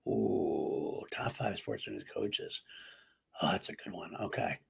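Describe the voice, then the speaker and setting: A man's voice: deep voice, animated, measured pace, gravelly, slight background noise. A man co-hosting a podcast in casual chat, laughing often and rambling with fillers. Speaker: podcast co-host.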